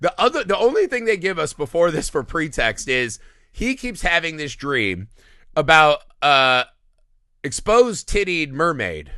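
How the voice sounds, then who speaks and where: Profane, animated man recapping a film. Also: a little high, dry recording, studio quality. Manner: profane, animated retelling of scenes with quick mock voices. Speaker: podcast co-host. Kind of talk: casual movie-review chat.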